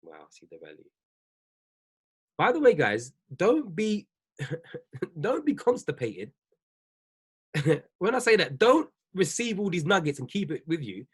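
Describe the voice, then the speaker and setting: A business coach preaches to his livestream viewers in a husky voice. His pitch leaps and dips all over as he repeats his points with emphasis, laughing often between them. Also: big pitch swings, unhurried, pauses often. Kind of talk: livestream motivational talk.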